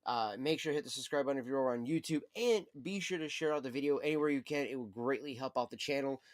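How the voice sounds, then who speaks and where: A man's voice: mid-range voice, quick pace, dry recording, clean studio sound. A man hosting a pipe smoking livestream, talking in a casual, rambling way full of fillers. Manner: rambling, filler-heavy, relaxed. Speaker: pipe smoking channel host.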